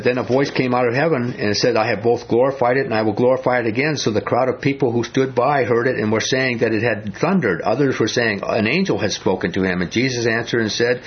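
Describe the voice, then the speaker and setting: A man delivers a sermon in a loose, conversational way, turning to his listeners with questions. His voice has a husky edge and sits in a middle range. When he quotes scripture he slows and lets his voice sink low, all on a dull, lo-fi recording. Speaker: preacher.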